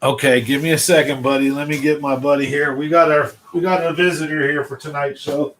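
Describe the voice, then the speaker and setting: A man's voice: a little high, little pitch movement, fairly quick, fairly bright tone, rough recording. A man hosting a fishing livestream in a casual, rambling way, chatting straight to his viewers.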